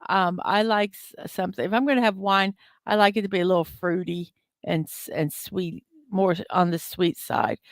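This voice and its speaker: A woman hosts her daily morning livestream, thinking aloud over a word puzzle with plenty of ums and uhs and reading viewer comments aloud. Her lowish voice holds a steady tone at normal speed, captured on a desk microphone with studio-quality sound and no room echo.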